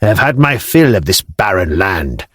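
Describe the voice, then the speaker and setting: A man doing a deep-voiced Norman lord. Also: sing-song, normal speed, fairly bright tone, breathy edge, dry recording, clean studio sound, exaggerated voice. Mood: friendly, decisive. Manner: blunt, commanding.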